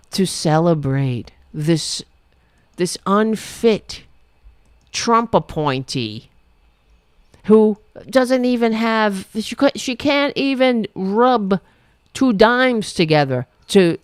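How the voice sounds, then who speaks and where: A woman's voice: mid-range voice, clear, resonant tone, no echo, studio quality. A woman hosting a political talk show from home, blunt and exasperated, cursing freely and cooing at her pets between rants. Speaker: host.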